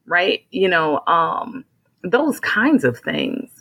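A woman's voice: fairly low pitch, very animated, very slow, fairly bright tone, slightly rough. A woman speaking as a guest in a casual conversation, explaining her points thoughtfully.

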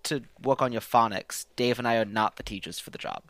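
A man's voice: mid-range voice, brisk, a bit bright, no echo. A man co-hosting a casual podcast, explaining things with wry, teasing humor. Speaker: podcast co-host. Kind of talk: casual chat.

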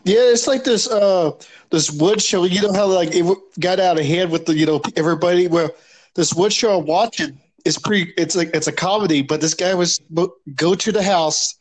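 High-pitched guy, halting and giggly, casual podcast chat. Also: low-quality recording. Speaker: podcast co-host.

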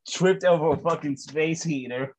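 A man's voice: fairly high pitch, moderate pace, a little hiss or hum. Rambling, cursing young man. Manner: profane, rambling, exasperated. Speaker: podcast host. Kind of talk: casual podcast banter.

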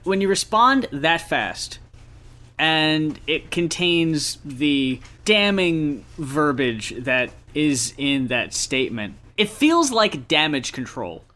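A man co-hosting a podcast in casual chat, talking in a measured, thoughtful way. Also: fairly high pitch, big pitch swings, pushed and bright. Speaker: podcast co-host.

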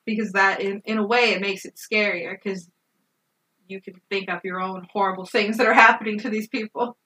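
Foul-mouthed woman, bright voice. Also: mid-range voice, steady tone, normal speed, rough recording. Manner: blunt, swears freely, laughs often. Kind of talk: casual movie recap chat.

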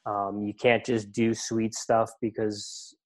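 A man's voice: fairly low pitch, little pitch movement, takes it slowly. A middle-aged man talking casually as a podcast guest, rambling with lots of fillers and restarts. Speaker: ultramarathon runner and coach, guest.

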